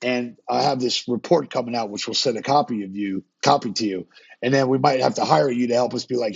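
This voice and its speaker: A man hosting a podcast, talking in a fast, slangy way and swearing freely. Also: mid-range voice, vocal fry, breathy edge, dull audio. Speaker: podcast host. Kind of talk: casual interview chat.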